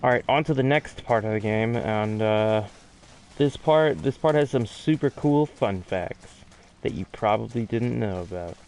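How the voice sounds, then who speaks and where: A man's voice: on the low side, unhurried, a little mellow. A man giving chatty, self-deprecating commentary during a game speedrun, often restarting his sentences. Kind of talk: casual gameplay commentary.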